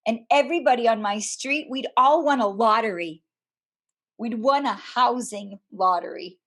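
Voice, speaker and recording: A woman from Canada, telling a personal story to an audience in a slow, deliberate way with dramatic pauses. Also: a little high, a bit bright. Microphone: camera.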